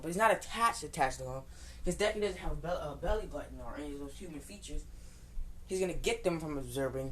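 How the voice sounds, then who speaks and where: A woman's voice: sits low, a little hiss or hum, low-quality recording. A woman improvising a fan story in casual, rambling talk, full of swearing and restarts, and snapping defiantly at critics. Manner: rambling, profane, frequent restarts.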